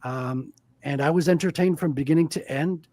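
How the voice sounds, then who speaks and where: A man's voice: a little high, normal speed, a little mellow. Enthusiastic man on a podcast. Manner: enthusiastic, swears casually. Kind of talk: casual chat.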